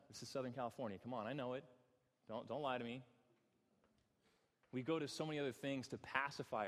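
Male pastor, mid-pitched, earnest and self-deprecating sermon, stammering restarts, echoing hall. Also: fairly bright tone. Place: church hall. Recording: reverberant church hall.

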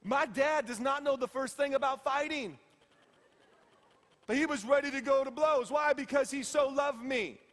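Man, pastor, sermon, very high voice, emphatic, hushed to shouting, echoey church hall. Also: normal speed. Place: church sanctuary.

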